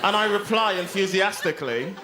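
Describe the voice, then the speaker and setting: Comic hosting stand-up, chatty and self-mocking, high-pitched, recorded live in a reverberant space. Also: male voice, animated, fairly quick, over a noisy crowd, heavy background noise. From Black Country, England. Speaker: comedy show host. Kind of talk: stand-up comedy.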